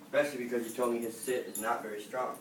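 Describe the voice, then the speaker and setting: A dog trainer talks his way through a session in a loose, rambling way, dropping plenty of fillers as he goes. He sounds like a man standing some distance from the camera in an echoey room. Animal sounds and a steady noise sit behind him. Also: medium pitch, racing. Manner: relaxed, rambling, with many fillers. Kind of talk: casual explaining to camera while training. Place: indoor dog facility.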